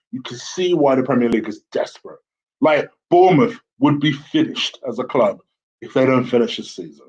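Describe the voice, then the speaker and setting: A man's voice: mid-range voice, a little mellow. A man talking casually to camera as a football fan vlogger, blunt and opinionated. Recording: slightly dull lo-fi audio.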